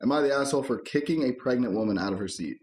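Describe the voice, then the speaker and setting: A man co-hosting a casual podcast, reading online posts aloud and chatting, laid-back and quick to chuckle and swear. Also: medium pitch, animated, background noise. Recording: echoey room.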